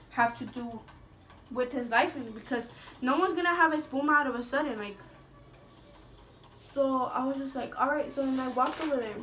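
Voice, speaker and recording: A woman's voice: high voice, fairly bright tone, slight background noise. A young woman telling a school story in a casual storytime vlog, chatty and swearing, with lots of "like". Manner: chatty, swearing, heavy use of "like".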